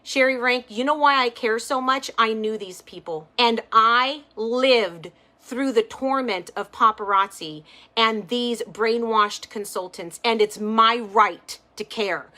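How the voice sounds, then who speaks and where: High-pitched slow-talking angry woman. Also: pushed and bright. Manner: angry, cursing, repeats phrases for emphasis. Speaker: commentary YouTuber. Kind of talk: ranting commentary to camera.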